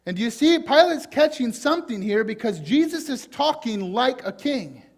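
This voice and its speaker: A male pastor with a Southern US accent, preaching a conversational sermon in a folksy, informal way with animated emphasis. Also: very high voice, normal speed. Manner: folksy, informal, with frequent fillers.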